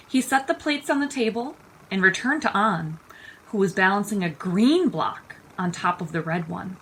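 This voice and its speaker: A woman teacher reading a picture book aloud for children in an expressive, unhurried storytime manner. Her voice is bright and clear, with faint noise behind it. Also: medium pitch, low-quality recording.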